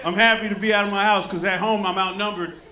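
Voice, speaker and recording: Loud profane comedian in a crowded club. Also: male voice, high voice, roomy sound. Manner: loud, profane, punchy delivery. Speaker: stand-up comedian. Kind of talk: stand-up set. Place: comedy club stage with a live audience. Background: audience laughter.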